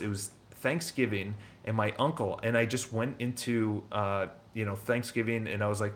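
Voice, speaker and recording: A real estate broker and business owner tells his story in a medium-pitched voice. His talk is casual and rambling, blunt and quick to swear.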